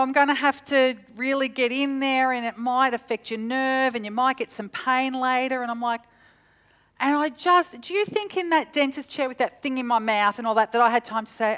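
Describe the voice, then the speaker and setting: A middle-aged woman preaching a sermon, telling stories with animated, acted-out quotes. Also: high voice, moderate pace, clear, resonant tone. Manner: animated storytelling, acts out quotes.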